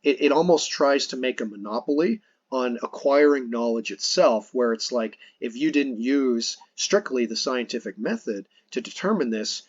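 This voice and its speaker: A man's voice: medium pitch, animated, normal speed, hardly any pauses, no echo, lo-fi sound. A man hosting a podcast, earnestly explaining his points in casual conversation, restarting phrases as he goes. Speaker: podcast host.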